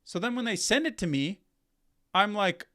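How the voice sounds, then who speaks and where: A man, a content creator, delivering a casual, animated commentary rant. He rambles and often repeats himself. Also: high voice, normal speed.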